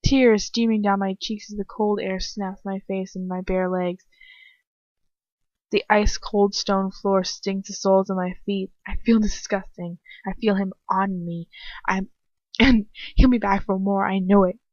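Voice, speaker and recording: A woman's voice: mid-range voice, flat delivery, a little slow, darkish tone, no room sound. A young woman reading first-person fan fiction aloud at home, breaking off now and then to comment on the text. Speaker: fanfiction reader. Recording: dry, dull home recording.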